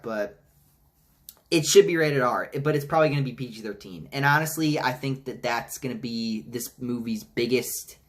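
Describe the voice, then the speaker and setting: Rambling, profane male movie reviewer. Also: a bit bright. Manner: rambling, frequent restarts and profanity; mocks quoted lines in high voices. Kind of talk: casual trailer reaction vlog.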